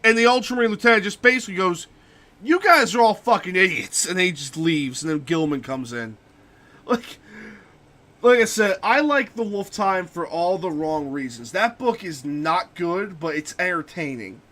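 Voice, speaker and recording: High-voiced, lively, profane male streamer. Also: moderate pace. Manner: profane, ranting. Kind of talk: casual gaming stream chat.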